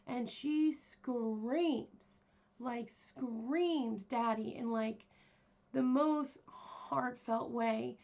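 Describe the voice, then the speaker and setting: A woman's voice: high voice, muffled recording. A woman hosting a true crime podcast, telling the story in a casual, rambling way with lots of fillers. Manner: rambling, chatty, with many fillers.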